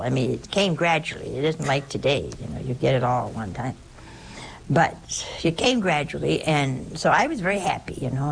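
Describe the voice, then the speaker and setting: An older woman, a nun, recalling her life in halting oral-history storytelling, often repeating words and adding "see" or "you know". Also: a bass voice, vocal fry, breathy edge, rough recording.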